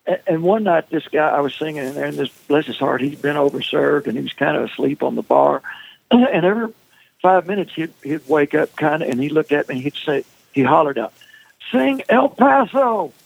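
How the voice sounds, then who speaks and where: An older singer-songwriter spins funny stories and pokes fun at himself. His voice sits a bit high for a man and carries a gravelly rasp. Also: a little fast, low-quality recording. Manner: humorous, self-deprecating storyteller. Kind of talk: casual conversation.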